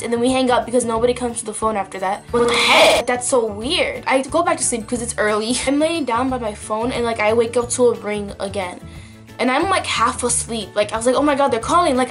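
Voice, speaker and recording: A young woman telling a story to her vlog camera in a chatty, filler-heavy way. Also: on the high side. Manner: chatty, lots of likes and ums. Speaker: vlogger. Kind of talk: casual story time.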